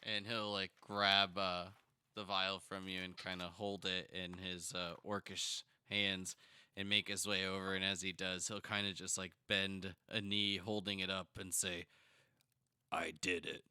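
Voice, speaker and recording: A man narrating a tabletop game as game master, relaxed and halting, with many fillers. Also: low voice, clear, resonant tone.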